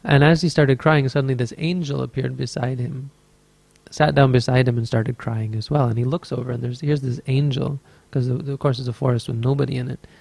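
This man's mid-range voice is gravelly and a little mellow, holding a steady tone at a slightly fast clip, recorded dry. A Buddhist meditation teacher, he rambles easily through a story in a dharma talk and keeps correcting himself.

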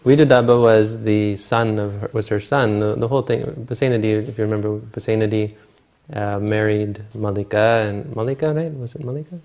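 A man's voice: fairly low pitch, fairly even intonation, a little fast, hardly any pauses, darkish tone. A man retelling a Buddhist scripture story in a talk, informal and searching aloud for words and names.

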